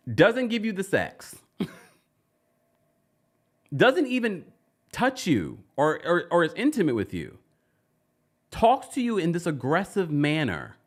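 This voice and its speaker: A man giving casual, sassy recap commentary as host, jumping up in pitch and laughing as he talks.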